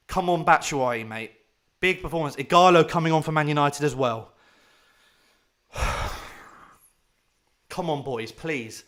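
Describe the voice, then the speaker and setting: Excitable fan calling a match. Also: male voice, fairly high pitch. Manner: excitable, shouting at chances then anxious and muttering. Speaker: football fan commentator. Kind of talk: live watchalong commentary.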